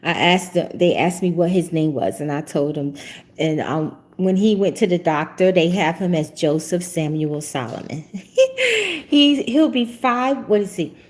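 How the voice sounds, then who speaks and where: A woman's voice: lowish voice, a little slow, darkish tone. A middle-aged woman hosting a prophetic talk show, chatting casually and laughing often. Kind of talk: casual livestream chat.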